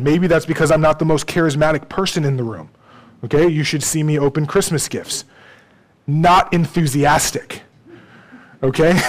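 A man's voice: a little high, low-quality recording. A man preaching a sermon in a conversational way, often checking in with his congregation and using dry, self-deprecating humor. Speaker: pastor.

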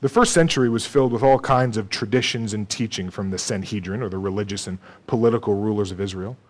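A man's voice: fairly low pitch, quick pace. A man preaching a sermon in a conversational way, often checking in with "okay?" and "right?".

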